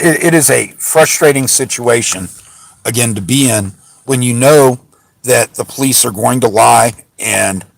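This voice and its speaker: A man's voice: medium pitch, vocal fry, no echo, low-quality recording. A man ranting casually about a run-in with police, frustrated and indignant, rambling with many restarts and fillers. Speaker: channel host recounting a police encounter. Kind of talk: casual rant to camera. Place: parked car.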